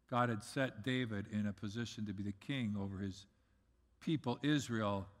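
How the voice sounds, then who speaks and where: A middle-aged man preaching a sermon as pastor, earnest, swinging between loud emphasis and soft asides. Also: medium pitch. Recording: long reverb of a large hall.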